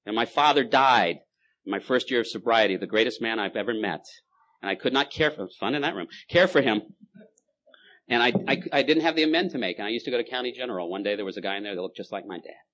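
A man's voice: mid-range voice, fast, fairly bright tone, highs cut off. A man giving a personal testimony at a recovery meeting, telling his story in punchy bursts with repeated phrases.

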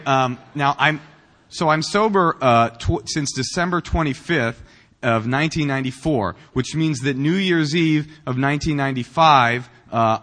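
A man of ordinary pitch, from Northern California, tells his own story to a recovery meeting with a joking, self-mocking manner. He rambles and restarts often, padding with fillers. His voice carries the long reverb of a meeting hall. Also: fairly bright tone. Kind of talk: humorous personal recovery talk. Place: meeting room.

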